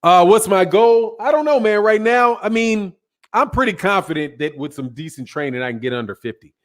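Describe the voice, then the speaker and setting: A man's voice: sits high, lively intonation, brisk. A middle-aged man hosting a boxing channel, chatting casually and a little tiredly, rambling with slang and self-corrections as he reads viewer comments. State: tired, yawning. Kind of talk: casual livestream chat reading viewer comments.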